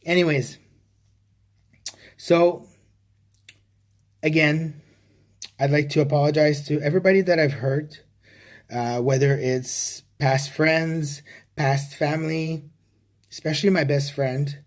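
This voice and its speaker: A man's voice: a little high, steady tone. Man rambling through a personal confession. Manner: halting, with many restarts and fillers; swears casually. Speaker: vlogger.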